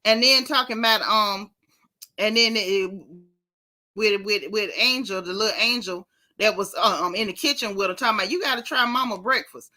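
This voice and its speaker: A middle-aged woman, casually recapping reality TV in an animated, sassy way. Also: medium pitch. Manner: animated, sassy, exclaiming, drawn-out emphasis. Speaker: show recap host.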